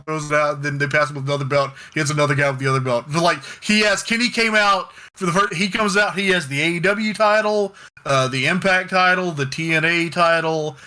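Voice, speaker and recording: High bright-voiced dude excitedly going over a wrestling match, swears a lot. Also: male voice. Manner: excitable, swears, gets loud recapping. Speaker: podcast co-host. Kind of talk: casual wrestling review chat.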